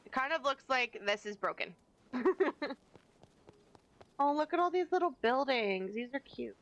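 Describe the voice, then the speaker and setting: A woman streaming a game from her home desk setup, talking into a desk mic. She chats casually and playfully, often poking fun at herself. Her voice sits a little high. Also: expressive, measured pace, a bit bright, muffled recording. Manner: chatty, playful, self-deprecating asides. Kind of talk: casual live-stream commentary.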